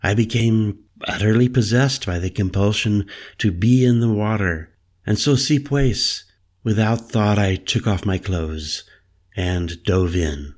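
Soft-spoken mystical woman, read by a man: playful, slow, lifted a little in pitch. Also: lightly acted. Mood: confiding. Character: mysterious, teasing woman shaman.

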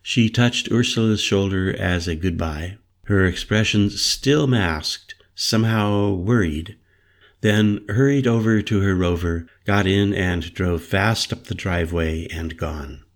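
A man narrating a first-person story as an audiobook, in a calm, descriptive manner. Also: deep voice, a little slow.

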